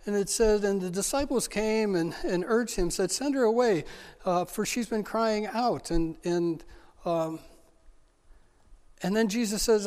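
A middle-aged man pastor preaching with a fairly high voice, moving between fervent urging and quiet, halting storytelling. He repeats and restarts phrases as he speaks. His voice rings with a long reverb from a large hall. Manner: impassioned preaching with repeated restarts, dropping to a soft personal tone. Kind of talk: sermon.

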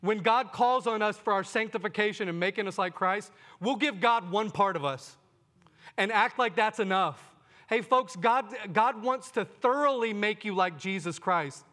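In a large hall, a pastor preaches a sermon to his congregation in a voice that sits high, with a sharp tone and a moderate pace. He's earnest, often asking them questions and calling them "folks."

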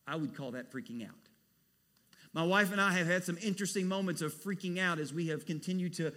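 Male pastor, animated sermon delivery, bright tone, church hall echo. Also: a little high, fairly quick. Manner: animated preacher, swings from hushed to loud. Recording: long hall reverb.

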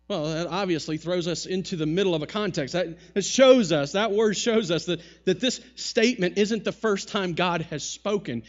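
High-voiced man preaching a casual sermon. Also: lo-fi sound. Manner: conversational preaching with wry asides, animated paraphrase. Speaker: pastor.

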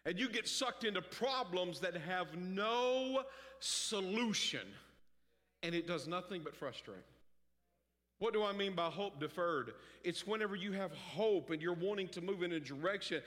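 High bright-voiced preacher in a reverberant hall. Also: male voice, unhurried. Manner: conversational preaching with joking asides and acted-out quotes. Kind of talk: sermon.

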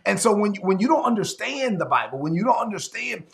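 A man's voice: high-pitched, sing-song, quick pace, vocal fry. A man preaching a sermon, earnest and confessional, often repeating and restarting his phrases.

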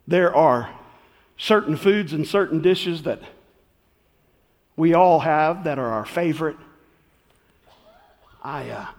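A man preaching a sermon as pastor, telling folksy stories that build to loud peaks. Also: on the high side, breathy edge. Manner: folksy, animated storytelling with rising shouts. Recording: long hall reverb.

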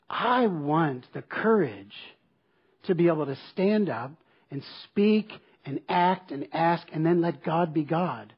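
A man's voice: a little high, husky, dull audio. A man preaching a sermon as pastor, telling a personal story in an earnest, emphatic way and returning to a repeated refrain. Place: church service.

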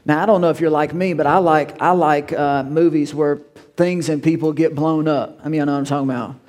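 Folksy preacher, slightly high voice. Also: male voice, steady tone, fast, a little mellow, in a large hall, faint music behind. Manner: folksy and conversational, with storytelling and restarts. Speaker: pastor. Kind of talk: sermon.

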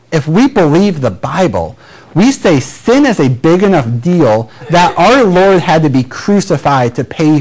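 A man's voice: a little high, darkish tone, low-quality recording. A man from Michigan with a Midwestern American accent, preaching a sermon in a conversational way and acting out little everyday dialogues. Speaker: pastor.

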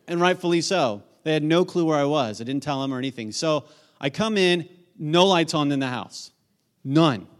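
A middle-aged man preaching a sermon, telling a personal story and going from loud to a hushed voice. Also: a little high. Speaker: pastor.

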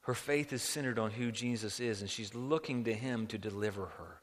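A man preaching a sermon in an animated way, asking rhetorical questions and often repeating words. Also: mid-range voice, moderate pace. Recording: long hall reverb.

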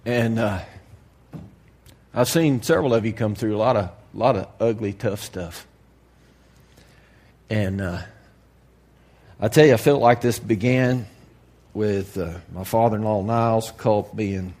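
A man preaching to a congregation in a candid, folksy way, dropping to a hush and then rising to loud emphasis. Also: on the low side, a little slow, pauses often. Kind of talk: sermon.

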